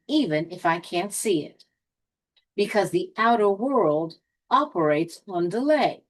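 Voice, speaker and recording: A woman giving a spiritual motivational talk, speaking deliberately with dramatic pauses and a touch of sarcasm. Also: medium pitch. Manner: lightly sarcastic.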